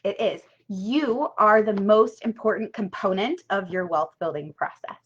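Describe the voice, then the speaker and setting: A woman with a husky, mid-range voice coaches a live money workshop at an unhurried pace, chatty and emphatic, often adding "right?" and some casual swearing. At times she sounds tearful. It's casual live-stream teaching, and the audio is dull and lo-fi.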